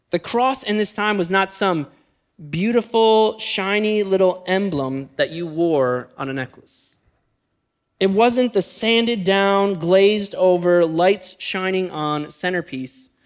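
A middle-aged man, a pastor, preaching a sermon and telling a personal story, speeding up in bursts and slowing down for emphasis. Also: sits high. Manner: storytelling, shifting between quick bursts and slow emphatic phrases.

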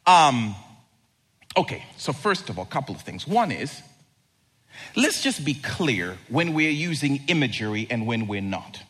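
Lively husky-voiced male preacher. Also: mid-range voice, a little slow. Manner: conversational, joking asides. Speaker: pastor. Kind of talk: sermon.

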